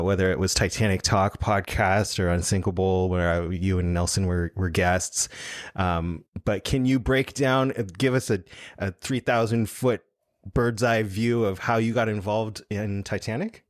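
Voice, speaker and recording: A man hosting a podcast and asking his guest questions in a measured way. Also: sits low, no echo, studio quality. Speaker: podcast host. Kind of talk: interview questions.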